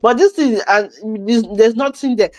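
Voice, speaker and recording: Co-host: woman, middle-aged, higher voice, dry close mic, emphatic. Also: a little mellow, dry recording. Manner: emphatic, scolding, quick bursts. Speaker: podcast co-host. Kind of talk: casual reaction chat.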